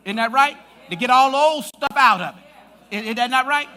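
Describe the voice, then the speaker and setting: A man pastor preaching a sermon in a church, joking with the congregation and rising to shouts. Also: very high-pitched, expressive, normal speed. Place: church sanctuary.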